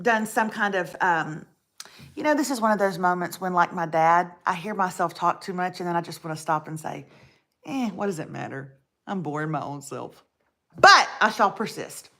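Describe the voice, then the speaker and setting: A chatty woman in her forties is hosting a livestream from home. Her voice is bright and sits a little high. Her pitch swings widely as she greets viewers by name. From Texas. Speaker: livestream host. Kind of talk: casual livestream chat. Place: indoors at home.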